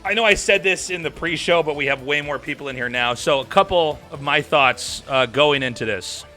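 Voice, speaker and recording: Bright-voiced man hosting a stream. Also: a little high, moderate pace, soft background music. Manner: chatty, thanks subscribers, swears casually. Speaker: stream host and caster. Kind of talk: casual livestream hosting.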